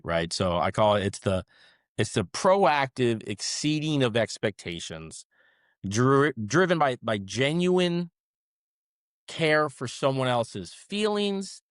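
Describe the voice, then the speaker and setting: A man in mid-range pitch, speaking as a guest in a relaxed interview. He tells lively stories and keeps checking in with a quick "right?". The recording is close and dry, with no room sound. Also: no room sound. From South Florida. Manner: animated storyteller, tags many sentences with "right?". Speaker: restaurant management co-founder, guest. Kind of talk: conversational interview.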